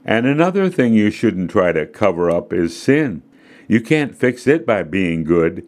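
A patient father explains a lesson in a low, even voice, firm but unhurried, as a man reads him. It belongs to a children's storybook reading. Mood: teaching. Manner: calm, instructive. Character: patient, firm father teaching his son.

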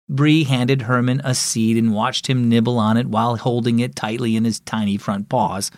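A man hosting and narrating a children's devotional story, upbeat and expressive, speaking to kids. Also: medium pitch, normal speed, dry recording, clean studio sound. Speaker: host and narrator.

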